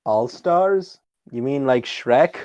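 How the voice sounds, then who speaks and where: A young man hosting a casual podcast, goofy and quick to laugh, putting on an exaggerated persona voice. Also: medium pitch, expressive, a little mellow, muffled recording. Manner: giggly, goofy, breaks into laughter often; adopts a deliberately exaggerated persona voice. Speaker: podcast host.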